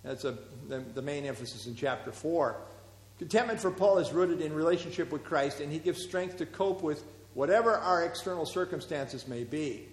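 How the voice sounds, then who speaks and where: In a reverberant room, a male Bible teacher speaking at a normal pace explains the text and quizzes those listening. His pitch is a bit high for a man, small fillers run through his talk, and each phrase trails off in a long echo.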